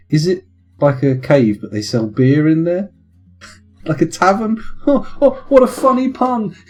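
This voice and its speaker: Male game streamer, chatty and pun-loving, mellow voice that swings in pitch, soft guitar underneath. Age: adult with children. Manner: rambling, punning, prone to tangents. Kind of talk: casual live-stream commentary.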